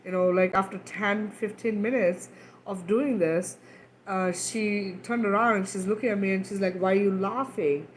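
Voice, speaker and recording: A woman of middle pitch talks to camera in an earnest, frank spiritual chat, with a faint hiss of noise under her voice. She keeps checking in with the listener as she goes. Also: steady tone, normal speed, rough recording. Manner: frank, checks in with the listener often ("right?", "okay?"); earnest and emphatic, swears casually. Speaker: mother of two daughters. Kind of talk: casual spiritual talk to camera.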